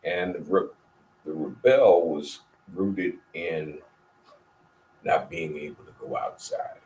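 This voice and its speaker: Slow, very deep-voiced man. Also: lively intonation, far from the mic. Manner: measured, reflective. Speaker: participant. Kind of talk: personal storytelling in a group. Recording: roomy, off-mic, faint background noise.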